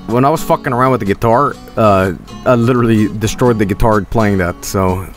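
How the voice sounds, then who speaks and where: A man streaming a video game, chatting casually to viewers in a joking, excitable way and swearing freely. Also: on the low side, brisk, soft background music. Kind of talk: casual gameplay commentary.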